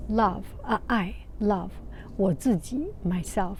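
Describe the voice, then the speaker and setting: A woman from China speaks English, telling a casual personal story. She is an art teacher who talks at an unhurried, drawn-out pace in a soft, warm, mellow voice. She often halts mid-phrase to find the right word and slips into quiet laughter. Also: mid-range voice, a little hiss or hum. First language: Mandarin Chinese. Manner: halting, searching for words, breaks into soft laughter.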